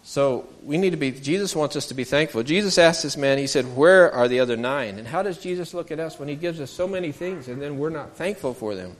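A man's voice: a little high, fairly quick, few pauses. A man telling a Bible story to children, asking them questions and acting out the voices in the story.

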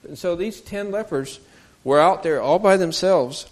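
A man with a fairly high voice tells a Bible story to a group of children. He keeps stopping to ask them questions and acts out the voices of the people in the story. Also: measured pace.

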